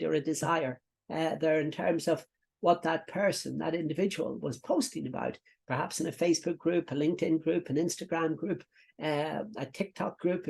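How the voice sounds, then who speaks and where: A man's voice: on the high side, creaky, darkish tone. A middle-aged man teaching a coaching lesson to camera, giving instructions with many fillers, repetitions and asides. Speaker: business coach.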